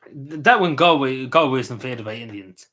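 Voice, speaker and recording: A man with a Cavan Irish accent talks casually on a live stream, reacting to viewers' comments. He speaks haltingly, restarting phrases and letting them fade off softly. His voice sits at an ordinary middle pitch for a man. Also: expressive. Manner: halting and hesitant, trailing off quietly at ends of phrases. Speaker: livestreamer.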